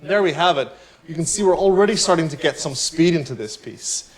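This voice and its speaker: A man giving a piano tutorial, explaining technique in a relaxed, explanatory way. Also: fairly high pitch, fairly quick, poor audio. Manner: relaxed, explanatory, counts beats aloud while playing. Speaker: piano teacher. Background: piano playing.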